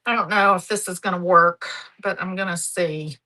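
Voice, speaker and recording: A woman's voice: fairly low pitch, moderate pace, pushed and bright, poor audio. A middle-aged woman hosting a live craft demonstration, chatty, homey and affectionate. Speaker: craft show host.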